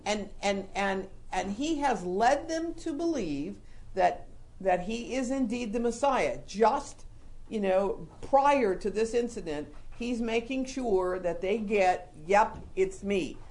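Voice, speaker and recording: A woman preacher whose voice swoops up and down in lively pitch as she tells the story. She acts out scenes and dramatizes her points in an animated, expressive way, keeping the congregation with her. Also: takes it slowly. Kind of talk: sermon.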